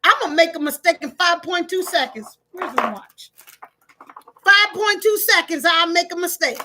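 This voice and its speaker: A woman's voice: very high-pitched, expressive, moderate pace, background noise. A middle-aged woman, talking to her viewers like a preacher, emphatic and plain-spoken. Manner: preachy, emphatic, in Black American vernacular. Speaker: online talk host. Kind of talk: live-stream motivational talk.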